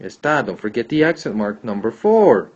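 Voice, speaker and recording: A man's voice: medium pitch, sing-song, moderate pace, a little mellow. A man teaching a Spanish grammar lesson, patiently repeating and checking answers aloud. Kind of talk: classroom lesson explaining grammar. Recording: dull lo-fi recording.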